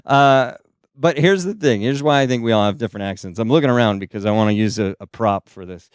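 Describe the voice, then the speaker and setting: A young man from the United States doing a stand-up comedy set on a small stage into a handheld microphone, telling stories and jumping into high, silly voices for the people he quotes. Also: fast, clear, resonant tone, no room sound, clean studio sound.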